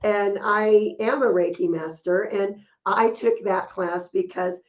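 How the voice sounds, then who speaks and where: A woman's voice: medium pitch, fairly even intonation, slow pace, highs cut off. A woman co-hosting a podcast, telling stories in casual chat and laughing often as she talks. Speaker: podcast co-host.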